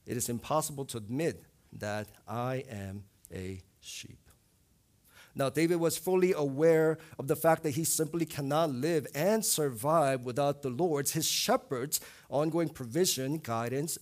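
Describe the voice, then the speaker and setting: A young adult man preaching a sermon as a pastor, earnest, with emphatic rises in pitch and volume on key points.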